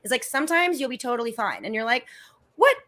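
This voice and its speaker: An animated woman on a live video call, chatting about fantasy football with a bright, forceful voice set a little high. She acts out quotes and pokes fun at herself. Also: fast talker. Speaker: guest fantasy football analyst. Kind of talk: casual live-stream chat.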